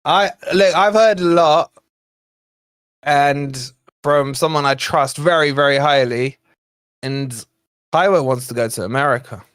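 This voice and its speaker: A man hosting a live fan watch-along, commentating on play and chatting with viewers, excitable and quick to shout at near misses and fouls. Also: a little high, clear, resonant tone. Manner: chatty, talks to viewers and co-host. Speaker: fan channel host.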